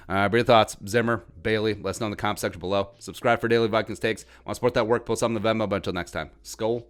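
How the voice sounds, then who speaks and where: A man's voice: lowish voice, steady tone, rapid-fire, few pauses. A young adult man hosting a sports commentary podcast, ranting in a heated, sarcastic way. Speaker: podcast host.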